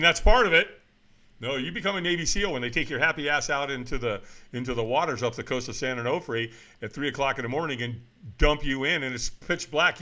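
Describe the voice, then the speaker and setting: A man's voice: mid-range voice, pushed and bright. A man in his seventies, a guest on an interview, talking in an emphatic, blunt, motivational way. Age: 70s. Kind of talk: casual interview talk.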